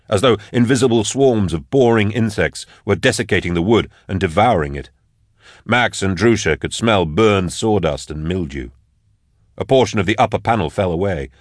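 A man narrating a dark fantasy story with measured, dramatic delivery. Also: on the low side, dry recording, clean studio sound. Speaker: audiobook narrator. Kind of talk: scripted narration.

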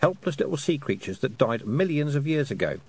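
Sharp bossy witch teacher lady, pitched up, lively, man doing her. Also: breathy edge. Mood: lecturing. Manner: brisk, precise, lecturing. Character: brisk, sharp-tongued woman witch and teacher. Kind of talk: audiobook character voice.

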